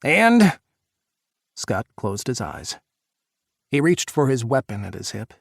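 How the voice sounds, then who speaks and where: Gravelly male audiobook narrator. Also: on the low side, dry recording, clean studio sound. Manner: measured, even reading.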